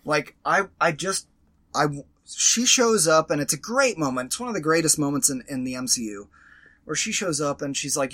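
A man co-hosting a casual podcast chat, animated and swearing freely as he acts out scenes. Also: on the high side, moderate pace. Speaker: podcast co-host.

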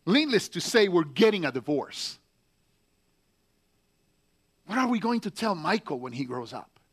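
A man's voice: high voice, sing-song, a bit bright, husky, full character voice. A man reading as a heartbroken Marine. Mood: furious. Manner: bitter, pained, halting. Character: angry, heartbroken young male Marine writing home. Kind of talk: letter read aloud in a sermon.

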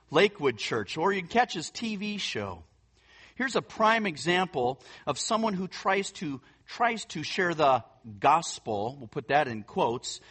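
An earnest man preaching with emphasis, his voice sitting a little high for a man. He repeats words and phrases to drive points home, speaking plainly and directly. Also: a bit bright, breathy edge. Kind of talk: sermon teaching.

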